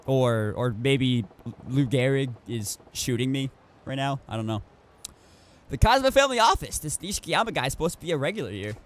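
A man with a medium-pitched, animated voice chats briskly over his video game stream. His commentary is loose and rambling, full of restarts as he keeps correcting himself.

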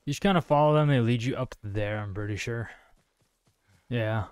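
A man's voice: medium pitch, moderate pace, pauses often, darkish tone, smooth, no room sound. A male streamer giving casual gameplay commentary, joking and swearing while talking to his chat. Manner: joking and profane, talks to chat.

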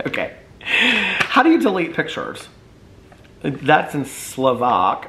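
A man's voice: a little high, wildly swooping pitch, slow pace, pushed and bright, echoey room, slight background noise. A man chatting casually to camera at home, rambling and self-deprecating with frequent laughs. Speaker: vlogger. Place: at home, room with ring light.

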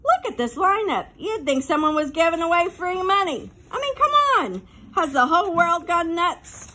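A woman voicing an anxious, excitable fifth-grade boy who wails and gets worked up, in a storybook reading. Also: normal speed, full character voice. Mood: frantic. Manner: wailing, high and worked up.

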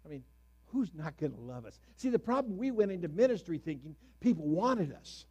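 A middle-aged male pastor preaching a sermon with a fairly high voice. He tells stories in an easy way and breaks into sudden loud, animated bursts. His voice leaps up in pitch when he gets excited. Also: fairly quick, slightly rough.

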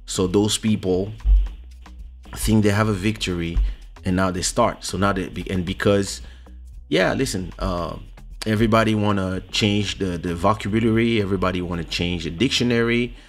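Low-voiced man hosting a ranting chat. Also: moderate pace, soft background music. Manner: animated, ranting. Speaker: host. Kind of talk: casual livestream chat. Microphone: studio microphone.

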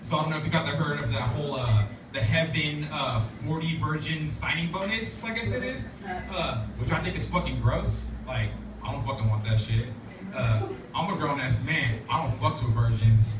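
A man's voice: fairly high pitch, moderate pace. A man doing a stand-up comedy set at an open mic, talking loosely and profanely with many fillers. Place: laundromat café venue. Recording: roomy, distant, noisy live recording. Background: audience laughter and room chatter.

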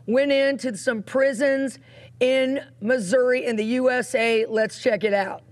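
A woman's voice: high-pitched, fairly even intonation, unhurried. A woman hosts a ministry program, speaking with affectionate, heartfelt commentary. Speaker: ministry host.

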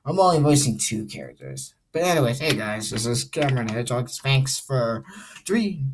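A man's voice: mid-range voice, sing-song, normal speed, a little hiss or hum. A young man hosting a casual vlog, rambling and hesitant with many restarts. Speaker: channel host.

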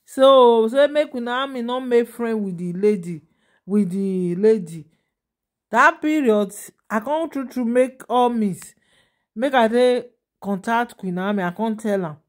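Woman, Nigerian Pidgin accent, slightly high voice, casual gossip vlog, rambling, fillers and restarts, indignant. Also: measured pace. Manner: indignant when scolding. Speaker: celebrity gossip vlogger.

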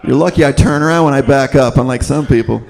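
A man doing a stand-up comedy set on a club stage, telling deadpan stories full of swearing and quick put-on voices. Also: mid-range voice, gravelly. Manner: deadpan storytelling, swears, acts out other voices. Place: comedy club stage before a live audience.

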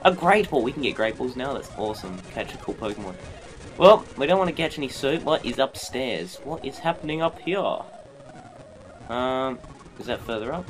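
A young man, giving excitable, joking commentary while playing a video game. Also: mid-range voice, moderate pace, slight background noise. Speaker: let's play host. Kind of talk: gameplay commentary.

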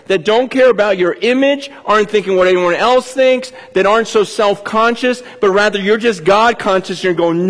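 A man's voice: sits high, moderate pace, hardly any pauses. A middle-aged man from California preaching a sermon as a pastor, candid and confessional, with stumbling restarts. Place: church hall. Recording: long hall reverb.

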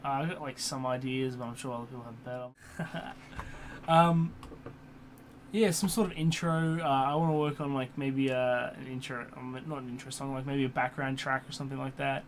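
A young man talks in a loose, rambling way, full of fillers, restarts and casual swearing. His voice sits at an ordinary middle pitch. A computer fan hums faintly behind him. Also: fairly even intonation, moderate pace. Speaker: YouTuber. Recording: computer fan hum in background.

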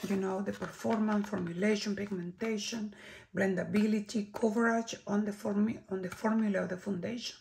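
Slow gravelly Chilean-accented woman. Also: mid-range voice, slight background noise. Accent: Chilean Spanish. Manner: slow, lingering, drops to soft whispers when admiring products. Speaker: beauty vlogger. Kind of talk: product review and tutorial.

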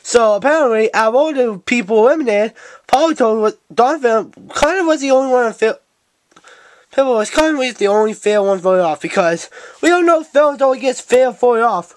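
A woman's voice: fairly high pitch, animated, normal speed, close to an everyday voice. A woman voicing a brash, impatient cat who hosts a talk show, bossing the guests around in a playful home-made show. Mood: bossy. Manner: bossy, impatient, sarcastic. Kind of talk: playful toy-show role-play. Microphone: handheld camcorder mic.

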